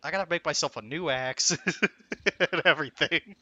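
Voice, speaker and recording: A man's voice: a little high, moderate pace, sharp tone, no echo, dull audio. A young man streaming a game, swearing often and swinging between frustration and laughter. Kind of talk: live gameplay commentary.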